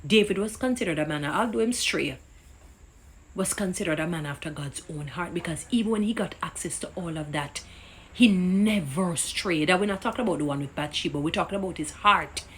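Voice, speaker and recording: A woman's voice: lowish voice, a little fast, a bit bright, slight background noise. A woman with a Jamaican accent delivering an impassioned, indignant opinion rant that preaches and cites scripture. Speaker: commentator.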